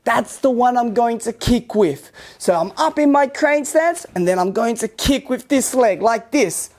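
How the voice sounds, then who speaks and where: An upbeat woman from Australia leads a kids karate class, talking warmly to young children. Her pitch swings widely and she speaks slowly and clearly. Loud karate shouts punctuate her instructions. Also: animated. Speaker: martial arts instructor.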